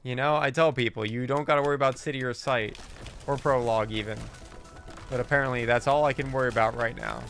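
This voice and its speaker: A man's voice: medium pitch, fairly even intonation, fast talker, fairly bright tone, faint music behind. Exasperated man streaming a game. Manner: exasperated, swears and laughs at his own mistakes. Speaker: livestreamer. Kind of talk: casual gameplay commentary.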